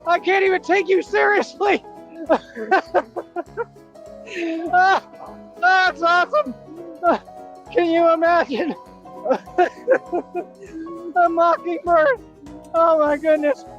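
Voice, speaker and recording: A woman's voice: very high voice, fairly even intonation, extremely slow, pauses often, dull audio, soft background music. A woman who laughs through nearly every line.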